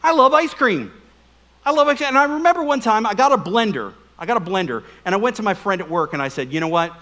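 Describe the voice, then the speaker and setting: Fast and high-voiced, this middle-aged man is a pastor preaching a humorous sermon; he is lively, cracks jokes, and quizzes the congregation.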